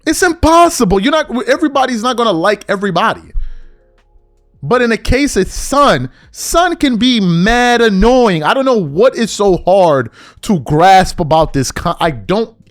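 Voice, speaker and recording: A man's voice: sits high, animated, unhurried, no echo, clean studio sound, faint music behind. A man hosting a sports podcast, ranting heatedly and slangily with mocking impressions of fans. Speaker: podcast host. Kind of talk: heated sports commentary rant.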